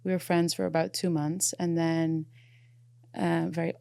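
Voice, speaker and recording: Brief: young Irish woman, podcast guest, animated and laughing, husky fry, close dry mic. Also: fairly low pitch, measured pace, dry recording. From Ireland. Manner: animated storyteller, laughs often. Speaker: podcast guest, app founder. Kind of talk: casual chat.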